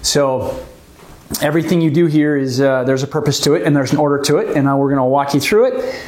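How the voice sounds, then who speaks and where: A man calmly leading a stretching class, guiding the moves step by step and explaining why each one helps. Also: fairly high pitch, quick pace. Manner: calm, gently coaching, explains the reasons for each move. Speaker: movement class instructor. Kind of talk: guided exercise class instruction.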